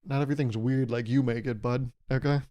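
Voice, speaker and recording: Clingy rich friend, grown man, whiny and insistent, middle-pitched, as a podcaster puts him on in a comic bit. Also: steady tone, a little fast, warm tone, natural voice. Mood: pleading.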